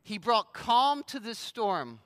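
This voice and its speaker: A man's voice: high voice, big pitch swings, slow pace, a bit bright, clear, resonant tone, dry recording. A man preaching a sermon as pastor, conversational and emphatic, with a prayer before he reads and explains scripture.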